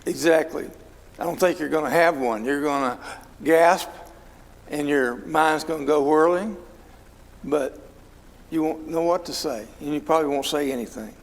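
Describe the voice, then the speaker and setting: A man's voice: fairly high pitch, normal speed, in a large hall, rough recording. A man leading an informal Bible study in a church, talking conversationally and asking his class questions. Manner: conversational, asks the class questions, many fillers. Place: church hall.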